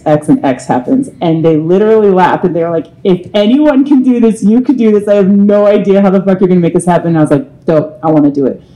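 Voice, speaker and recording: A woman's voice: deep voice, poor audio. A woman singer, a guest on a live panel at a bar, telling candid and profane stories. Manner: profane, animated storyteller.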